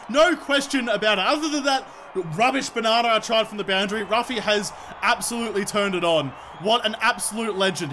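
A young Australian man commentating his own football video game, shouting and cheering at the plays and joking along. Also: extremely high pitch, a little hiss or hum. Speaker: gaming video creator. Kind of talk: excited gameplay commentary.

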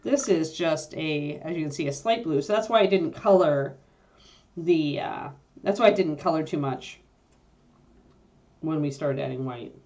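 Low-voiced woman chatting through a painting tutorial. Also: a little slow, long pauses, darkish tone. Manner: chatty, thinks aloud with fillers while working. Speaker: miniature painting instructor.

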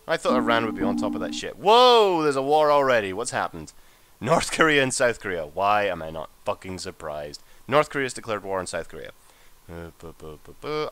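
A young man with a bright, animated voice hosts his channel while playing a strategy game. His commentary is casual, excitable, joking and profane, punctuated by sudden high-pitched outbursts.

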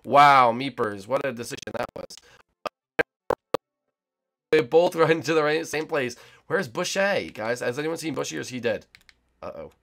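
A young man giving excited, teasing play-by-play commentary on a multiplayer game round, talking to players and viewers. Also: medium pitch, normal speed, creaky, long pauses, soft background music. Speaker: gaming YouTuber.

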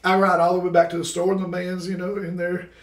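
A man, a podcast guest, telling a personal story with lively, laughing energy and casual exclamations like "bro". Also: high voice, quick pace. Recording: roomy sound from a distant mic.

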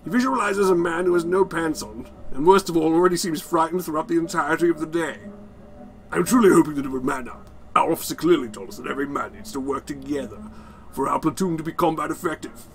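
A man's voice: on the high side, fast talker, lightly acted. A man putting on a stagey English soldier. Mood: dutiful. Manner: put-on exaggerated English accent. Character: young male soldier writing letters home. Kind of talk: reading in-game letters aloud.

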